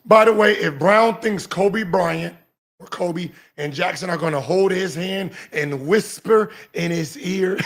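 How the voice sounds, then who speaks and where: High-voiced man ranting and mocking. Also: unhurried, gravelly. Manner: mocking, animated, breaks into sing-song teasing. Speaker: podcast host. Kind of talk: heated commentary.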